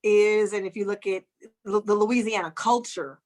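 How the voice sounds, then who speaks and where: An American woman, a guest author and comedian, chats animatedly on a casual podcast in a mid-range, darkish voice with a steady tone and normal speed. She laughs often and acts out the voices she quotes.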